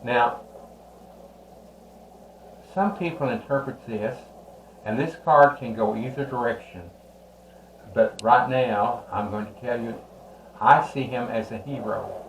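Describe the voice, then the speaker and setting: Male tarot reader, mid-pitched, rambling and halting delivery, recorded in an echoey room. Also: a little hiss or hum. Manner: slow, rambling, with many "uh" pauses. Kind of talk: unhurried tarot card reading.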